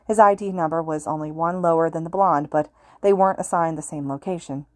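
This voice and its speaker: Woman reading a fan fiction audiobook, lowish calm voice, dry close read. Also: fairly quick, dry recording. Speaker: podfic reader.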